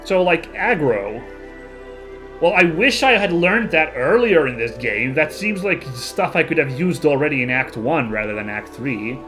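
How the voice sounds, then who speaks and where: A man's voice: on the high side, animated, moderate pace, a bit bright, soft background music, low-quality recording. Chatty man commenting on a game. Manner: chatty, musing, lots of fillers. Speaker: let's play host. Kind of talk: casual gameplay commentary.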